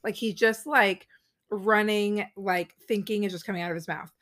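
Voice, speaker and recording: This podcast co-host is a woman in her thirties with a mid-range voice and a moderate pace. Her casual chat is full of "like," and she quotes others with animation.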